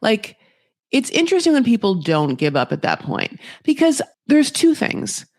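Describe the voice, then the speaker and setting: A woman's voice: a little high, big pitch swings, normal speed, a little mellow, dry recording, studio quality. A woman hosting a podcast, recapping reality TV in a chatty, gossipy way, full of asides and quoted voices. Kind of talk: casual chat.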